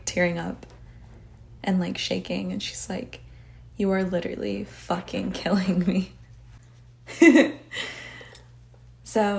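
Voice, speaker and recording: A woman's voice: fairly low pitch, gravelly. A woman hosting a casual podcast, rambling with lots of filler words and cursing freely. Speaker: podcast host.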